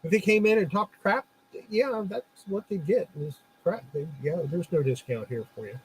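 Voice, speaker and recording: This former comic shop owner turned podcaster is a middle-aged man with a high-sitting voice and a normal pace. He swaps anecdotes in easygoing storytelling chat, frequently laughing, over a low-quality recording with a bit of hiss or hum.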